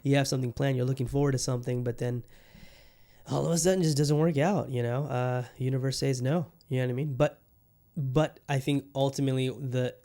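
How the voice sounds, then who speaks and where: A man's voice: medium pitch, fairly even intonation, a little fast, dark tone. A young adult man hosting a podcast on his own, chatting casually in a rambling way with lots of fillers and restarts. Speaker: podcast host. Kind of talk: casual solo podcast chat.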